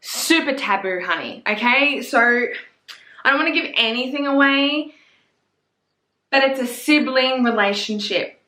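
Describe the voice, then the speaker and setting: A woman's voice: sits high, expressive, unhurried, pushed and bright, roomy sound. A woman chatting casually as a book reviewer, gushing and swearing freely. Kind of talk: casual chat.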